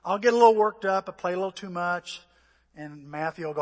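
High-voiced, husky older pastor preaching. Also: male voice, moderate pace. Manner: animated storytelling, acting out voices and shouts. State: out of breath. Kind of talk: sermon. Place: church. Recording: echoey church hall.

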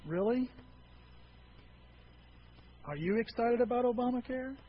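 A man's voice: very high-pitched, animated, unhurried, muffled recording, a little hiss or hum. A man preaching a humorous sermon, telling folksy stories and jokes to a congregation.

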